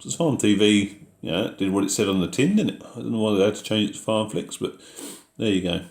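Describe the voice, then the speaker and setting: A man chats casually through a live Q&A, reading out viewers' messages and answering each one in an unhurried, easygoing way. His voice sits on the low side, with a noticeably roomy, echoey sound around it. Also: a little mellow. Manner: easygoing, reads out viewer questions then answers. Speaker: farming video host answering live chat.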